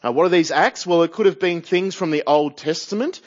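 An Australian man preaches a verse-by-verse sermon to a church congregation. His voice sits a little high for a man, and he keeps drawing his listeners in with questions. The recording is dull and lo-fi. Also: a little fast. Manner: expository, asks the congregation questions.

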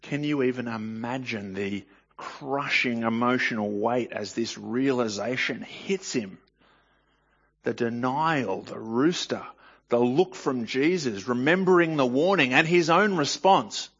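A man's voice: mid-range voice, measured pace, a bit bright, breathy edge, muffled recording. A man reading scripture aloud and commenting on it in a conversational way, often asking the listener rhetorical questions. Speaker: Bible teacher.

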